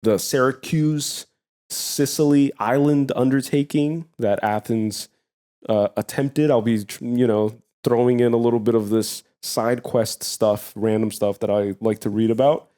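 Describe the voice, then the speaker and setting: A man's voice: medium pitch, fairly even intonation, a little slow, warm tone. Male co-host, American accent, loose and rambling. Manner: rambling, many fillers. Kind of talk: casual chat.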